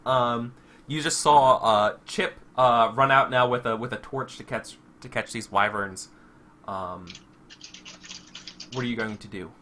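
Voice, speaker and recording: A man's voice: mid-range voice, unhurried, bright, forceful tone, a little hiss or hum. A man running a tabletop game as game master, narrating with lots of fillers and restarts. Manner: hesitant, full of fillers and restarts.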